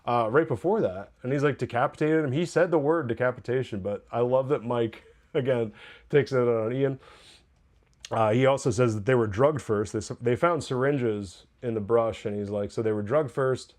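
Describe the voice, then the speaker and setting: A man hosting a podcast, reviewing a TV episode in casual solo talk, chatty and excitable, laughing often and breaking off to restart his points. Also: mid-range voice, moderate pace.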